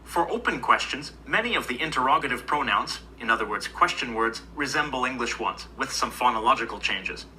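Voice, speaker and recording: A man giving scripted educational narration, explaining grammar in an even, explanatory way. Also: mid-range voice, a little fast, few pauses, slight background noise, low-quality recording. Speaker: language video narrator.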